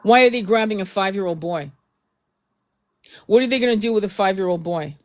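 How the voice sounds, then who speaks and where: A woman's voice: mid-range voice, fairly quick. Host, woman; heated casual commentary, blunt, profane, repetitive emphasis.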